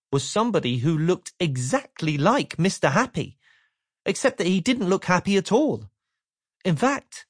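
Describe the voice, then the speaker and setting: A woman narrating a children's storybook in a slow, playful reading voice. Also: extremely low pitch, dry recording, studio quality.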